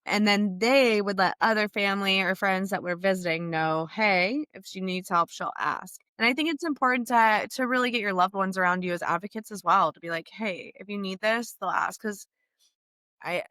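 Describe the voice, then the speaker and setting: A woman's voice: medium pitch, sharp tone, no echo. A woman guest on a podcast interview, talking earnestly and reassuringly about her experiences. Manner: earnest and reassuring, acts out quoted exchanges. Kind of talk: candid conversational interview.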